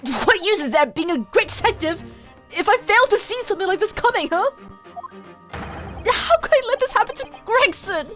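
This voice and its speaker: A woman's voice: extremely high pitch, big pitch swings, normal speed, fairly bright tone, soft background music, pitched above the performer's own voice, exaggerated voice. A woman putting on a grandiose male detective. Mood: anguished. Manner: dramatic, grandiose. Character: theatrical male great detective.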